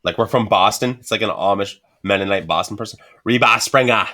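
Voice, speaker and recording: A man's voice: lowish voice, fast, a bit bright. A man in crude, joking casual banter as podcast host, swearing heavily.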